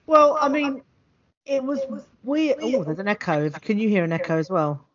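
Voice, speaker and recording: A woman co-hosting a podcast, telling a story in an animated, chatty way over a home mic on a call. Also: mid-range voice, moderate pace, dull audio, crowd noise. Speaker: podcast co-host. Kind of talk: casual chat. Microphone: home mic on a video call.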